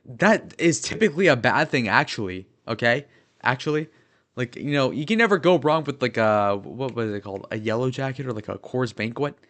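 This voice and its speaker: A man's voice: mid-range voice, animated, fairly quick, fairly bright tone. A young man in his twenties chatting casually on a livestream, rambling with lots of fillers and swearing. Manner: rambling, filler-heavy, profane.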